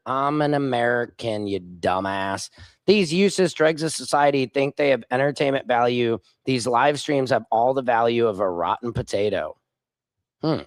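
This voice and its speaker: A man's voice: mid-range voice, no echo. Combative man ranting on a livestream. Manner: combative, mocking, reads chat comments aloud. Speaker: livestream host. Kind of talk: casual political livestream rant.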